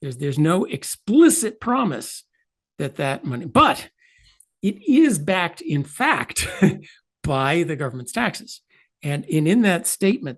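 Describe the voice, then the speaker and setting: A man in his sixties, a guest economist, explaining ideas in an animated, emphatic way with wry asides. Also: a little high, slow. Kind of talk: explanatory interview talk.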